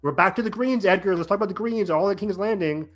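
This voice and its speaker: A man co-hosting a casual podcast recap, talking in a rambling, animated way with many restarts and quoted reactions. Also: high-pitched, fast talker. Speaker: podcast co-host.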